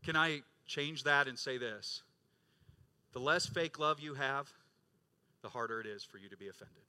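A middle-aged male pastor preaching a sermon, rising to loud emphatic peaks and dropping to quiet low stretches, acting out quoted voices. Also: moderate pace, clean tone. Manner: acts out quoted voices of congregants and Jesus.

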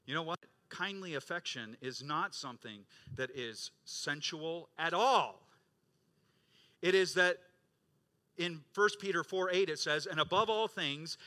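A middle-aged male pastor preaching a sermon, rising to loud emphatic peaks and dropping to quiet low stretches, acting out quoted voices. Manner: acts out quoted voices of congregants and Jesus.

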